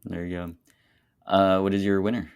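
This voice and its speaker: Low gravelly young man chatting about movies. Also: level tone, normal speed, a little mellow. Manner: enthusiastic, laughs often. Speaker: podcast co-host. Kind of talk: casual movie chat.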